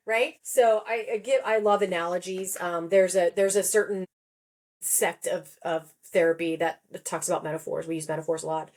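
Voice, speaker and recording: A woman psychotherapist and author, talking in an animated, emphatic way in a podcast interview and laughing often. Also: on the low side, normal speed.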